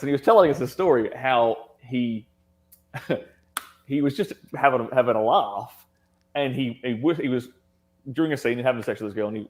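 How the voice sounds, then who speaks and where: An Australian man telling stories as a guest in a casual conversation, animated and laughing often. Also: medium pitch.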